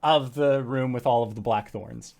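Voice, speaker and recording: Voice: mid-range voice, moderate pace, gravelly, darkish tone. A game master narrating a tabletop game in a loose, casual way, with frequent fillers and a bit of swearing.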